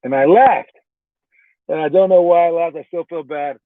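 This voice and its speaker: Young male hoops coach, loose chatty delivery, slightly high voice, tinny dry phone-like recording. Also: moderate pace, no echo. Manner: chatty, many fillers and restarts. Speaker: basketball coach. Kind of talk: casual recap and storytelling.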